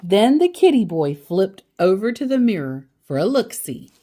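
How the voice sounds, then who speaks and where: A woman reading a picture book aloud to a child in an expressive, playful way. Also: medium pitch, moderate pace. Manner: expressive, playful, laughs along. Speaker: storyteller.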